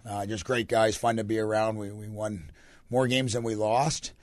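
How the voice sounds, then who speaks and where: A young Canadian man, a hockey coach with a deep, raspy voice, answering radio interview questions in a relaxed, rambling way. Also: normal speed, dry recording. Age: young adult. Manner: relaxed, rambling answers with many fillers and restarts.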